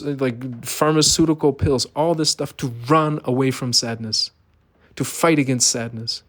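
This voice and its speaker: A man's voice: medium pitch, fairly even intonation, a little slow. A middle-aged man giving an earnest, emphatic monologue, asking rhetorical questions. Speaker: vlogger. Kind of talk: personal monologue.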